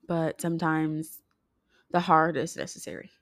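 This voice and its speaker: Young woman, personal vlog, heartfelt, halting, lowish voice, dry close sound. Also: little pitch movement, no echo. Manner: heartfelt, halting, many restarts. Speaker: vlogger.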